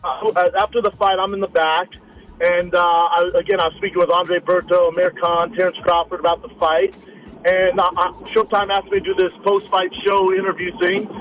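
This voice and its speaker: A man in his thirties, a guest telling a story in a casual interview, animated, repeating words and acting out what others said. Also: high voice, dull audio, a little hiss or hum. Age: 30s. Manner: animated, repeats words, acts out quoted lines. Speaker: guest, retired fighter turned comic.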